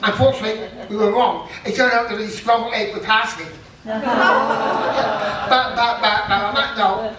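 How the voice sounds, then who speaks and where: A man's voice: high-pitched, fairly even intonation, measured pace, recorded from a distance, heavy background noise. A middle-aged man doing self-deprecating stand-up comedy, with punchy joke delivery and laughing at his own jokes. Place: festival stage. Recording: echoey hall, mic heard from afar.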